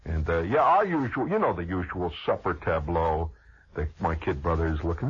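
A man's voice: low-pitched, moderate pace, breathy edge. A man telling a rambling, humorous childhood story as a conversational radio monologue, with a dull lo-fi radio sound. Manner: animated, conversational, digressive.

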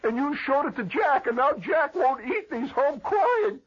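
A man's voice: extremely high pitch, very animated, normal speed, voice pushed up. A man voicing an angry mother who scolds her son about a lie, over a dull lo-fi radio recording. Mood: scolding.

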